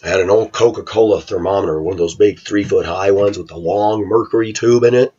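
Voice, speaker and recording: Male vlogger, low husky voice, lively storytelling, dull lo-fi sound. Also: a little fast. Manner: animated retelling, acting out voices. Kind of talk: casual storytelling monologue. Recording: dull lo-fi home recording.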